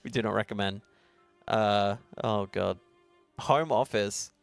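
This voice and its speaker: A man's voice: lowish voice, slow, creaky, faint music behind. A young adult man with an Australian accent, co-hosting a live stream in playful, chatty banter. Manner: playful, chatty, laughs often. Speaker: stream co-host. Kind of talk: casual live-stream chat.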